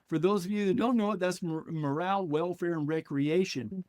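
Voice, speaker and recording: Animated male storyteller, dry sound. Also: on the high side, fast talker, few pauses, no echo. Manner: animated storyteller acting out dialogue. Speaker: podcast guest. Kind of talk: storytelling in a podcast interview.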